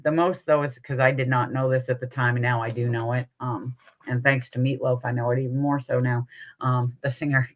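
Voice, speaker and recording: A middle-aged woman hosting a live stream, telling stories to her chat in an animated, salty way and laughing often. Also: rumbling low. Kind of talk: casual chat with viewers.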